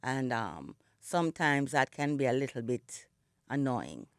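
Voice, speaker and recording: Very deep and sing-song, the voice of this middle-aged Jamaican singer unfolds unhurriedly as she reflects during a radio interview. She tells stories and keeps saying "you know," still in her morning voice before warming up. The audio is dry and studio-clean.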